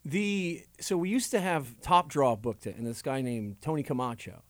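A man telling stories in a casual chat, animated and swearing freely. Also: medium pitch, moderate pace, dry recording. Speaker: comedian guest.

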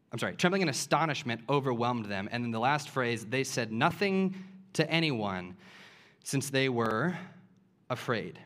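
A man's voice: mid-range voice, a bit bright. A man preaching a sermon, retelling scripture as a story and building to impassioned emphasis.

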